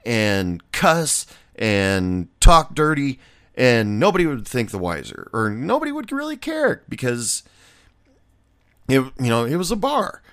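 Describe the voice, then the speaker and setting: Middle-aged man, bartender, casual storytelling, sarcastic, blunt, very lively pitch, mid-range voice. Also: a little slow, no room sound, studio quality.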